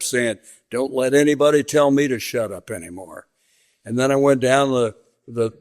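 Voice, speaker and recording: An older man from western Kansas, a veteran sportscaster telling stories in a sit-down interview and acting out the dialogue he quotes. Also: mid-range voice. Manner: vivid storyteller, acts out quoted dialogue.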